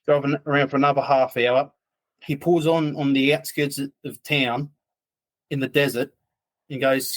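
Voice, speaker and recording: A man's voice: mid-range voice, fairly even intonation, normal speed. A man, a podcast guest telling a story in a loose, rambling way. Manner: rambling, loose, full of "like" asides. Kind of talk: casual storytelling.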